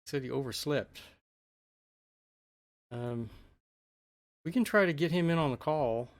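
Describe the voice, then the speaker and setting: A man co-hosting a live stream, chatting casually and laughing while cartoons play, with many fillers and restarts. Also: medium pitch. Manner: laughs often, halting with fillers. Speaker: podcast co-host. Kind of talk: casual chat over cartoons.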